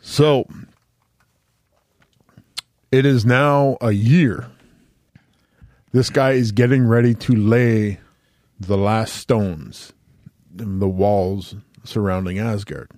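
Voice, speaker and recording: A man's voice: on the low side, steady tone, darkish tone, no echo, studio quality. A man hosting a podcast, retelling a myth in a loose, casual and profane way with restarts. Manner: loose, profane, halting with fillers. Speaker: podcast host. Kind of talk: casual storytelling chat.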